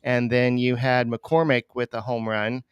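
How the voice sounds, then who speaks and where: A man's voice: medium pitch, flat delivery, a little slow, clear, resonant tone, dry recording. A man co-hosting a baseball podcast, chatting loosely with many fillers and restarts. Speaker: podcast co-host. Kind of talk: casual sports podcast talk.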